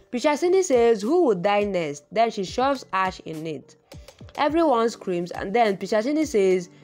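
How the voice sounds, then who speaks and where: A woman's voice: mid-range voice, a little mellow. A woman retelling a TV serial's plot in casual, simple English, chaining events with "then she says" and reading out each character's lines plainly. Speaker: narrator retelling a TV serial's episode. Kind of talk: casual plot recap read aloud.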